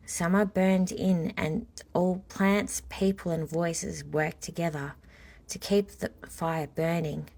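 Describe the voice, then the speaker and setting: Woman reciting a poem, soft to loud. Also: fairly low pitch, fairly even intonation, slow, vocal fry. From Australia. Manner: dramatic recital, soft whispered lines and loud calls. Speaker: poet and children's author.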